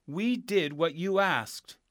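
A man's voice: slow pace, a bit bright, no echo, clean studio sound. A man voicing an earnest, direct young girl in a storybook reading. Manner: earnest, raised pitch.

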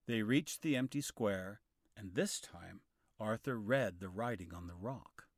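A man narrating a storybook in a clear, expressive style. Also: on the low side, measured pace, no echo, studio quality.

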